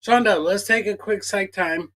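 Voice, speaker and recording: A woman's voice: mid-range voice, normal speed, a bit bright, rough recording. A woman co-hosting a casual podcast, cracking blunt, crude jokes and interrupting with slang. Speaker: podcast co-host. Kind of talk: casual joking podcast banter.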